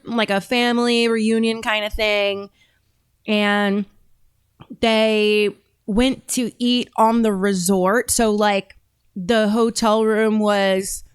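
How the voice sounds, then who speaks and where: A woman's voice: medium pitch, clear, resonant tone, no echo. Chatty woman commentator, dry close sound. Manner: chatty, emphatic, talks with her mouth full at times. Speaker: show host reacting to videos. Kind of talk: casual commentary.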